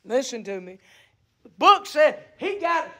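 Slow, high-voiced fervent preacher man. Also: very animated. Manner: fervent preaching that swells into shouts, drawn-out reading of old scripture. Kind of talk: sermon.

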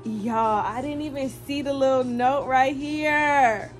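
A young woman who has recently become a mother chats casually with her viewers in a slangy vlog, holding her phone at home indoors and calling them y'all. She's chatty and lively, with a high voice that takes things slowly, heard over music on a noisy home phone recording.

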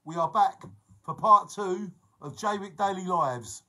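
A man hosts a casual live stream. His voice is bright and sits a touch high. He jokes around and calls out viewers' names as he chats. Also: measured pace, low-quality recording. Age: 40s. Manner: chatty, jokey, reads out viewer names.

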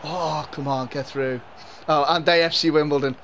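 A young man with a mild Liverpool accent and a slightly high voice talks casually to his viewers while playing. He laughs a lot and cheers on his team. A faint hiss sits under the recording. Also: fairly even intonation, normal speed, a bit bright. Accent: Liverpool Scouse, mild. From Liverpool, England. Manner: chatty, laughs often, cheers at the game. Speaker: gaming streamer. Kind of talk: live gameplay commentary and chat with viewers.

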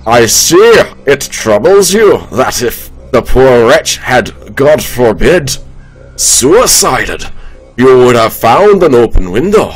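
A man's voice: medium pitch, very animated, slow, breathy edge, faint music behind, full character voice, poor audio. A man doing a drawling old monk impression. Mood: grave. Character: wise elderly male monk, a rough celebrity impression.

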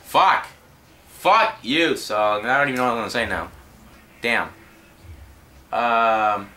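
A man's voice: mid-range voice, a little slow, pauses often, pushed and bright. A young man giving a rambling, exasperated vlog rant, swearing constantly. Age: young adult. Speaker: vlogger. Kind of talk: profane ranting commentary.

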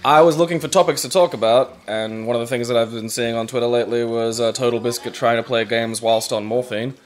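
A man's voice: medium pitch, fairly even intonation, fast talker. Rambling man narrating his gameplay. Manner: rambling, full of "like" fillers. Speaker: co-host playing the game. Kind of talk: casual chat over gameplay.

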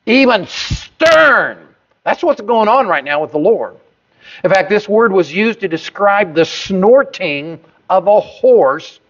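A man preaches a sermon at a very slow, deliberate pace, leaning hard on single words. His voice sits a little high and jumps up suddenly for emphasis. The recording is dull and lo-fi. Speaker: pastor.

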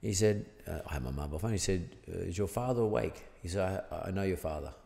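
A middle-aged Australian man with a low, deep voice tells a rambling personal story as a podcast guest, slipping into the voices of the people he quotes. He talks casually, with fillers and asides. The room gives his voice a long, lingering reverb. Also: fast, gravelly, dark tone. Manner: rambling anecdotal delivery, acting out quoted dialogue.

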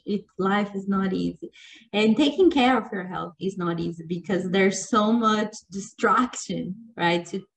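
A young adult woman hosting as a health coach, calm and encouraging in casual talk, laughing easily. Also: mid-range voice, unhurried, vocal fry, low-quality recording. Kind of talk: casual interview chat.

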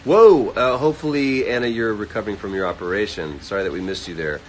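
Man, low voice, casual livestream chat, quick answers to fans, faint hiss. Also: rough recording. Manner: reads fan comments aloud and answers quickly. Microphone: phone livestream.

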